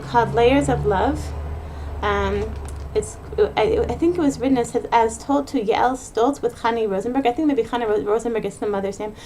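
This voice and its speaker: Speaking off the cuff to mothers, this woman hosts a podcast pep talk as an earnest unscripted monologue, rushing in bursts and often restarting or repeating phrases. Her voice is fairly high and mellow, with slight background noise.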